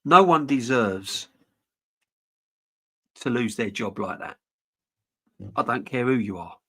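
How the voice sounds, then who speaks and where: A man's voice: on the low side, normal speed, husky. A middle-aged man, rambling frankly as he chats with viewers on a live football stream. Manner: rambling, frank, chatty with restarts. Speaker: football channel host reading live chat. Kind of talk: casual live-stream chat.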